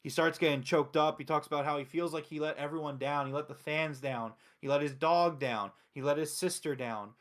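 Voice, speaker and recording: A man hosts a casual review show, talking with excitable energy and frequent swearing. His voice sits a little high, and he keeps slipping into quick quoted lines as he retells what happened. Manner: excitable, profane, recaps with acted quotes. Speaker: wrestling show host.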